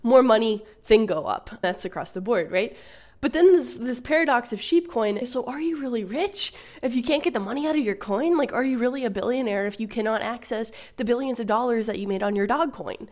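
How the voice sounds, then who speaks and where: A young woman hosting a casual finance explainer, chatty with quick asides and a laugh here and there. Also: fairly high pitch, darkish tone.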